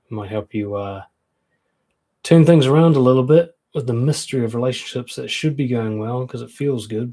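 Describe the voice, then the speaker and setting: Low husky-voiced man giving frank advice. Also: mellow. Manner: frank, conversational, acts out quoted comebacks. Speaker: relationship coach. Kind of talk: live-streamed advice talk.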